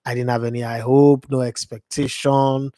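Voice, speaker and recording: A hoarse man, rambling excitably in a casual live-stream chat from his home as a football fan streamer. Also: medium pitch, moderate pace, no room sound. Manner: excitable, rambling, repeats himself. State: hoarse, voice worn out from screaming.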